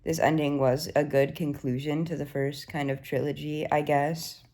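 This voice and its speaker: A woman in her twenties giving casual, excitable reading updates as a book vlogger, swearing freely and gushing over the story. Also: low-pitched, normal speed.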